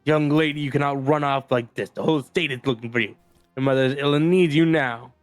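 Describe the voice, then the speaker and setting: A stern middle-aged lord, angry and scolding, with a smooth, clear voice, as a man reads him in a game. The tone stays firm and commanding throughout. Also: medium pitch, fairly even intonation, brisk, no echo, soft background music, lightly acted.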